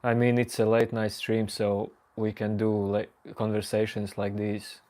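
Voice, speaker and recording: A man's voice: lowish voice, monotone, unhurried, a little mellow. A man hosting a late-night livestream, casually teasing and joking with his chat viewers. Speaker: livestream host.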